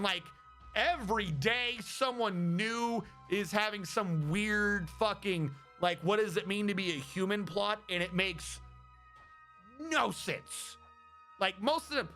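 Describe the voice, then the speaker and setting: A man with a high, bright, tense voice rambles in an excitable livestream chat. He swears freely as he goes, and faint music plays behind him.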